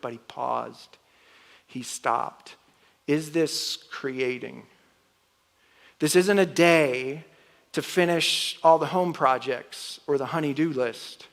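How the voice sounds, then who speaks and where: Middle-aged male pastor, conversational sermon delivery, slightly high voice, stage mic in a reverberant church. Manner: conversational, animated, acts out home dialogue. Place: church auditorium. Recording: long hall reverb.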